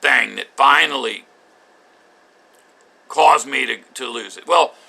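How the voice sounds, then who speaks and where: An older man recounting his marriage in a bitter, halting spoken journal, with frequent restarts. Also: medium pitch, gravelly, bright, forceful tone.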